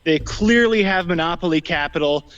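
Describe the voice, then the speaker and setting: A man's voice: fairly high pitch, moderate pace, a bit bright, smooth. A man in a casual political debate, a little out of breath, talking with many ums and restarts. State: slightly out of breath. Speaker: debate guest. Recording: dull lo-fi sound.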